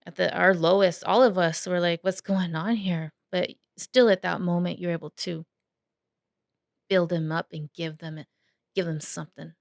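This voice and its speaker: A woman with a somewhat low voice speaks softly and hesitantly, often restarting as she looks for words. The sound is dry and close, with no room echo. She is taking part in a casual podcast conversation. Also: steady tone, gravelly. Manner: hesitant, halting, soft-spoken.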